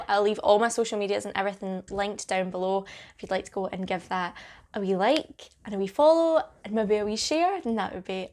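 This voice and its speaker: A woman's voice: medium pitch, brisk, a little mellow. A young adult woman with a Scottish accent, chatting casually to camera as a beauty vlogger, with plenty of ums.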